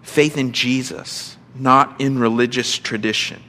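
A middle-aged man preaching a sermon, reading scripture and acting out quotes with big swings between loud and quiet. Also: medium pitch, fairly even intonation, measured pace. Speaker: pastor.

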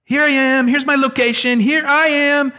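A man's voice: very high-pitched, fairly even intonation, normal speed, pushed and bright, pitched above the performer's own voice. A preacher doing a chirpy sing-song man. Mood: mocking. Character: chirpy man mockingly announcing his location.

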